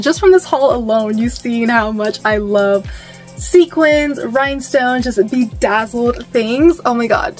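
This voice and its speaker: A young woman vlogging about her clothing finds, talking casually with lots of fillers and excited squeals. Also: high voice. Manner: bubbly and gushing, many fillers and squeals. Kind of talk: casual haul vlog.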